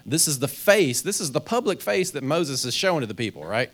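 A pastor preaches a conversational sermon in a fairly quick, sing-song voice on the high side. He often acts out people's inner thoughts and stammers as he restarts his sentences.

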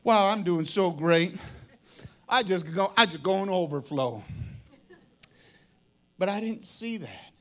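A middle-aged man preaching a sermon, telling a story dramatically and acting out the voices and shouts of its people. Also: sits high, animated, takes it slowly, long pauses.

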